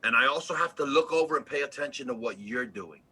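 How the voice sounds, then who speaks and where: A man's voice: mid-range voice, fast talker, slightly rough, rough recording. A man who supervises on an oil rig, talking bluntly and with plenty of swearing in a casual livestream chat. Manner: blunt, profane, animated storyteller.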